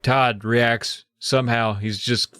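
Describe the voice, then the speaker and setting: A man co-hosting a podcast, recapping a book in casual chat and acting out characters in quick put-on voices. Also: medium pitch, fairly even intonation, pushed and bright, smooth, no echo, clean studio sound. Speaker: podcast co-host.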